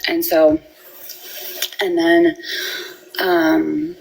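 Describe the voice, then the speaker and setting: Low, gravelly woman telling her story. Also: little pitch movement, low-quality recording. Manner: halting, repeats words and restarts. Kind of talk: emotional personal account.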